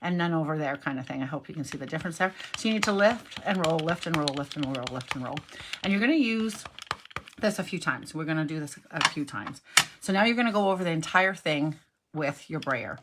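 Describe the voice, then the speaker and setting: A woman with a somewhat low voice chats through a cardmaking demonstration, musing aloud and correcting herself as she goes. She sounds middle-aged and relaxed in her craft room. A faint background noise sits under her voice. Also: a little fast. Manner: chatty, thinks aloud, self-correcting. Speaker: cardmaking instructor. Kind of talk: casual demonstration lesson.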